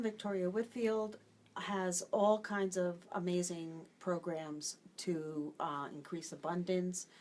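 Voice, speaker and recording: A woman hair restoration specialist calmly explaining her work, with frequent ums. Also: fairly low pitch, a little hiss or hum. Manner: calm, explanatory, many ums. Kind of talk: explaining to a host.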